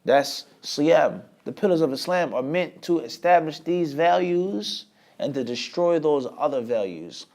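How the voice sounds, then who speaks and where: A man's voice: fairly high pitch, a little slow. A man teaching with rhetorical questions. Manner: asks rhetorical questions and answers them himself; lively, with many sudden rises and drops in loudness. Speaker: Islamic teacher. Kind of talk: lecture class.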